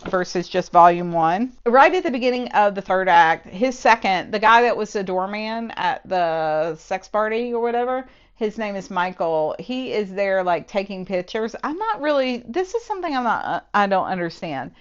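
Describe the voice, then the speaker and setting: A woman's voice: mid-range voice, lively intonation, moderate pace, few pauses, clean tone, muffled recording. Sarcastic woman reviewing a book. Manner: sarcastic, exasperated. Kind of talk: casual spoken book review.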